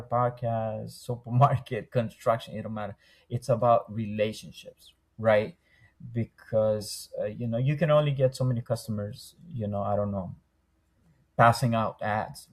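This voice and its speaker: A man's voice: mid-range voice, darkish tone. A man who owns a window treatment business, a podcast guest who chats casually, laughs often and acts out the voices in his stories. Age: young adult. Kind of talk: casual interview talk.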